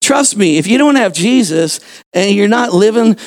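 A pastor preaching a sermon to a church congregation, shouting to stress points and firing questions at the listeners. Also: male voice, high voice, lively intonation, normal speed, dry recording. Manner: fervent preaching with shouted emphasis and rhetorical questions.

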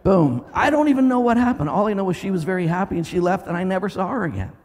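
A middle-aged male pastor preaching a sermon, telling a story with lively energy and breaking into loud commanding shouts. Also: high-pitched, quick pace, slight background noise. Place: church sanctuary. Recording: long reverb of a large hall.

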